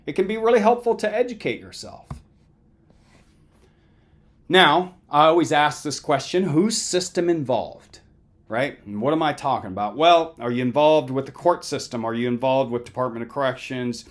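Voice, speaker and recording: A man's voice: fairly high pitch, expressive, normal speed. A middle-aged man giving an earnest, conversational motivational lecture on recovery, often checking in with listeners. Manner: earnest, conversational, addresses listeners directly with "right?".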